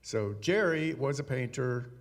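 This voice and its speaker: A man's voice: mid-range voice, expressive, measured pace, creaky. A man telling a joke at a church service in a folksy, storytelling way. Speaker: congregation member telling a joke.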